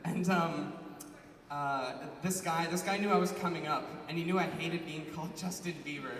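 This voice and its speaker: A man's voice: a little high, normal speed. A young man from Edmonton, telling chatty stand-up stories to a large convention crowd. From Canada, Edmonton. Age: young adult. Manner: chatty, animated storytelling with frequent "like"s. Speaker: stand-up comedian. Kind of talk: stand-up comedy set. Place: large convention hall stage before a big crowd. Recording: echoey hall recorded from far off with crowd noise.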